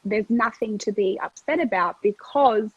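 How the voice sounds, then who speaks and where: A woman's voice: mid-range voice, moderate pace, husky, dry recording, muffled recording. A woman hosting a casual live chat, agreeable and conversational. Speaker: host.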